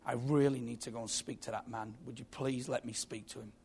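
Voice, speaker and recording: A man voicing a grieving, forgiving pastor who speaks softly and gently, with a gravelly voice. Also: medium pitch, steady tone, brisk, slight background noise, pitched below the performer's own voice, natural voice. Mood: gentle. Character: grieving middle-aged male pastor, calm and forgiving.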